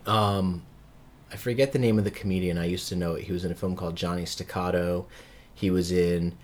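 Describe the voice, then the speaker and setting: A man with a low, deep voice talks through movies in a loose, rambling way. He sounds like a podcast co-host who makes offhand jokes as he goes. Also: fairly even intonation, a little fast, a little mellow. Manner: rambling, jokey film chatter. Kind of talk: casual chat.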